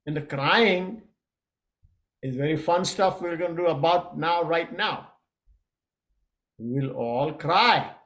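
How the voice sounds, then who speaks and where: A middle-aged man coaching a yoga lesson in a casual, halting way, with many fillers and restarts. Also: on the high side, fairly bright tone.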